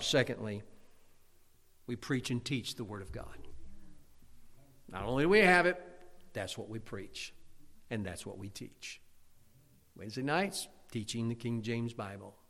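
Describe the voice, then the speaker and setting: Loud preacher in echoing church. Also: male voice, mid-range voice. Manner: loud, emphatic preaching with stammered restarts. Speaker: pastor. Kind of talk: fiery sermon. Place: church sanctuary. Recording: long church reverb.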